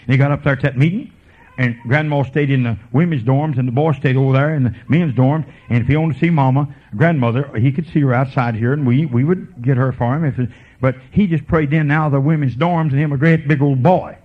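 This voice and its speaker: A man preaching a revival sermon as a folksy evangelist, swinging from quiet murmurs to fervent preaching. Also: medium pitch, brisk. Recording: tinny lo-fi sermon tape.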